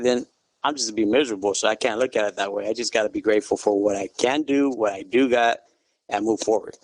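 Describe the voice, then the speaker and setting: A middle-aged man speaks in a low, easygoing voice as an interview guest, working "you know" into almost every sentence. He keeps a good-natured humor as he talks. The recording is close and dry, with no room sound. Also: a little fast, no room sound. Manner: relaxed storytelling, full of "you know". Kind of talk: casual interview.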